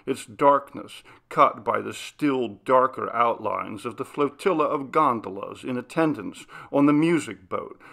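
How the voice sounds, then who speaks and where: A man narrating a classic ghost story in a measured, dramatic reading. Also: medium pitch, creaky, fairly bright tone. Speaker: audiobook narrator.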